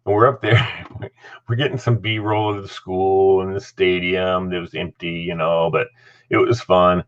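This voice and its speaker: A man's voice: low voice, a little slow, dull audio. A middle-aged man hosting a casual chat, telling a story with lots of laughter and acted-out voices. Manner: animated, laughing, acts out voices. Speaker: host.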